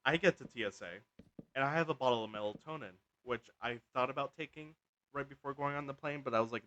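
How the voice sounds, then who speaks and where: A man hosting a gaming video, telling a long story in a loose, rambling way. He fills his talk with "like" and restarts sentences. His voice sits at a middle pitch. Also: quick pace, bright, forceful tone, lo-fi sound. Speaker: gaming channel host. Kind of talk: casual storytelling while gaming.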